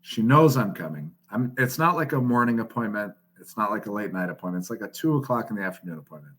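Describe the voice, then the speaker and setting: A man's voice: on the low side, fast, breathy edge. A man in his thirties, a podcast guest telling a story casually, swearing often and laughing as he goes. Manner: profane, laughing, animated storyteller.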